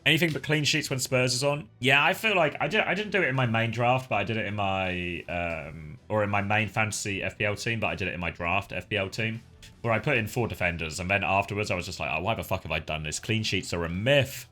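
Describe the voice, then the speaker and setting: A man's voice: on the low side, fast, sharp tone, soft background music. A man co-casting an esports match in casual chat, laughing often and swearing casually. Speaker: esports co-caster.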